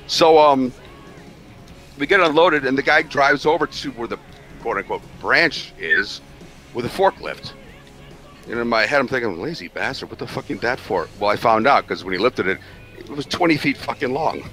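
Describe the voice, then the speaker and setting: A middle-aged man spins a long, swear-laden trucking story in casual chat. His bright, forward tone swings widely in pitch as he gets animated. Faint music plays behind him. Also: moderate pace. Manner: profane, animated, rambling delivery. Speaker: truck driver telling a story on a radio talk show.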